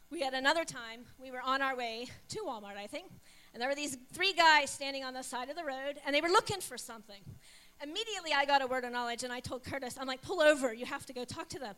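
Pastor's wife giving a sermon, high and sharp-voiced, animated storyteller. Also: female voice, fast talker. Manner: animated, storytelling with acted-out dialogue. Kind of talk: sermon with personal stories.

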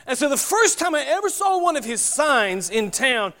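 A man's voice: very high-pitched, big pitch swings, normal speed, bright, forceful tone. A man with a Southern US accent from North Carolina, preaching a sermon in a folksy, chatty way, with asides and spelled-out words. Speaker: pastor.

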